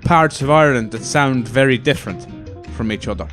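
A man's voice: mid-range voice, a little fast, over music. A man co-hosting a comedy podcast, chatting casually and ranting in a mock-serious way. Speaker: podcast co-host. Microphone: podcast microphone.

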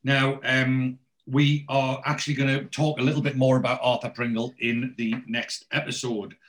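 Rambling man with a mid-pitched voice. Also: little pitch movement, moderate pace, fairly bright tone. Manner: rambling, heavy on fillers. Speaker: podcast host. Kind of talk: casual chat recapping a TV episode.

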